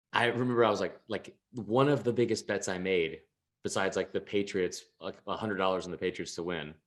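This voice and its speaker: A young man with a low-pitched, slightly bright voice co-hosts a sports podcast. His casual chat wanders, is thick with profanity and restarts, and he often laughs at himself.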